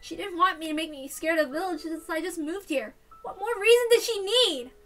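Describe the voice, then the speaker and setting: A woman's voice: extremely high pitch, brisk, fairly bright tone, soft background music. A woman voicing an anguished, self-blaming teenage boy in a tearful, dramatic visual novel reading. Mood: agitated.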